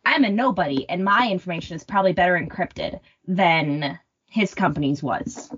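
A woman's voice: fairly low pitch, animated, normal speed, a bit bright, husky. A young woman co-hosting a podcast in casual chat, opinionated and rambling with jokes. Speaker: podcast co-host. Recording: dull lo-fi sound.

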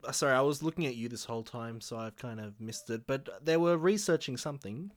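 A man's voice: mid-range voice, brisk. A man co-hosting a casual film podcast, chipping in with dry quips. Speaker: podcast co-host.

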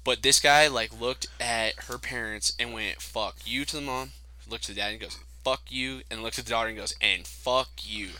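A man's voice: medium pitch, a little fast, sharp tone, slight background noise, low-quality recording. A young man in casual chat, telling profane stories and acting out the quotes. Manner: profane storytelling, acts out quotes.

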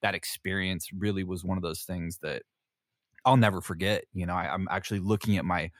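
A man's voice: sits low, fairly even intonation, brisk, no room sound, clean studio sound. A man, a Navy veteran hosting a podcast, telling a story casually with lots of fillers, swearing and laughter. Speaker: podcast host.

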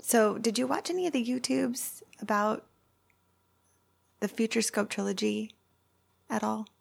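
A woman's voice: fairly high pitch, a little slow, creaky, husky. A woman co-hosting a podcast in casual chat, upbeat but hesitant, with many fillers. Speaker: podcast co-host.

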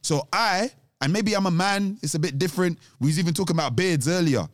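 A man's voice: high-pitched, fast, no echo, studio quality. A man chatting casually, rambling and restarting sentences, saying "th" like "t". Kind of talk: casual chat.

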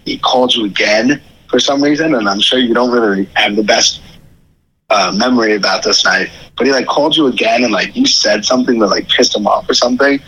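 A man's voice: medium pitch, fairly quick, bright, forceful tone, breathy edge, low-quality recording. A young man telling his side of a family story in a chatty, casual way, acting out the quoted voices.

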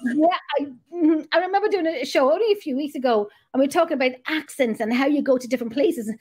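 High-voiced Irish woman, chatty. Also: quick pace, darkish tone. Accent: Irish, from the south (Drogheda area). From Ireland. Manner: chatty, laughing, swears casually. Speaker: podcast co-host. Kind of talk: casual chat.

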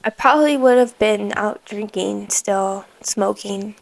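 Gravelly-voiced woman giving an emotional testimony. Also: mid-range voice, measured pace, dry recording. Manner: emotional, heavy use of "like" fillers; drops to a hushed whisper in moments of prayer. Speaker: podcast host. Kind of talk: personal faith testimony.

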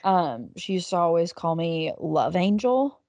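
Woman podcast co-host, 20s: blunt, dry humor, fry in the voice, close dead-dry mic. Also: fairly low pitch, sing-song, a little slow, darkish tone, dry recording. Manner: dry, blunt, casually swearing. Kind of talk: casual comedic chat.

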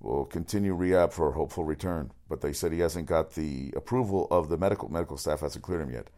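A man running through sports news as a radio host, rambling, excitable and swearing often. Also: rumbling low, fast. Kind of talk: casual sports news rundown.

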